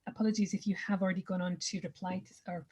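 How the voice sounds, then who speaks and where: A woman's voice: on the low side, flat delivery, fast talker, darkish tone, slightly rough, highs cut off. A woman moderating an online conference Q and A over a video call, upbeat and encouraging. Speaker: session moderator. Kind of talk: hosting a Q and A.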